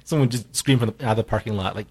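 A man's voice: fairly low pitch, rapid-fire, a little mellow, husky. A man co-hosting a podcast, teasing and cracking jokes in casual chat. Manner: wisecracking, teasing. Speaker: podcast co-host.

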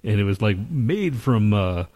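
A man's voice: on the low side, big pitch swings, unhurried, a little mellow. Rambling, swearing male podcast host. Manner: rambling, profane, mocking impressions. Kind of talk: casual chat.

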